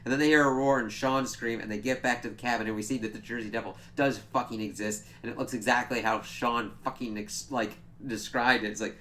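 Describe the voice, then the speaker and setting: A man giving a casual spoiler review, excitable and profane, with many filler words. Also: mid-range voice, brisk, hardly any pauses, a little hiss or hum. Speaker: TV episode reviewer.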